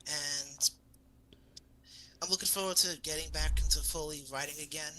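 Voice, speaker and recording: A man appearing as a guest editor on a casual podcast, talking in a modest, slightly halting way. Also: a little high, steady tone, sharp tone, slight background noise, low-quality recording.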